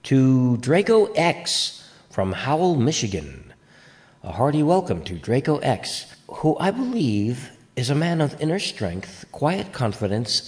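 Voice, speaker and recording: A man hosting his own podcast, talking casually into a home microphone. He rambles, catches himself mid-sentence and throws in playful asides. His voice sits at an ordinary middle pitch for a man. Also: darkish tone. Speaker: podcast host.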